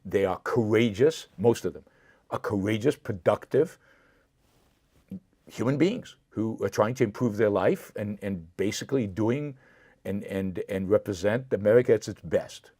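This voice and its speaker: A man hosting his own solo political commentary show speaks at normal speed in a lowish, mellow voice, yet his delivery is animated, impassioned, and indignant. He repeats points for emphasis and answers viewer comments directly, and the sound is dry and close with no room echo.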